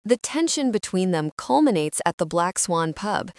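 A woman giving a scripted narration of a book summary in a smooth, even, polished manner. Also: fairly low pitch, moderate pace, no room sound, studio quality.

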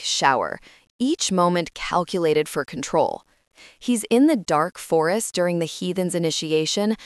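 Low-voiced woman narrating a book summary. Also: no room sound, studio quality. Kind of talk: scripted narration.

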